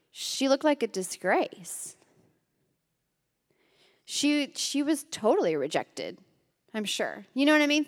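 Woman preacher, higher voice, chatty sermon full of "like," talks straight to the room; long hall reverb. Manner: casual, filled with "like", addresses the room directly. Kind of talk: conversational sermon. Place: room with a gathered group.

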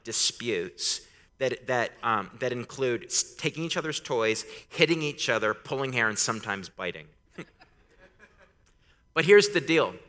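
A man's voice: mid-range voice, bright, forceful tone. A man in his thirties preaching a sermon, telling casual stories about his kids before building to emphatic exhortation. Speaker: pastor. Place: church sanctuary. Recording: long hall reverb.

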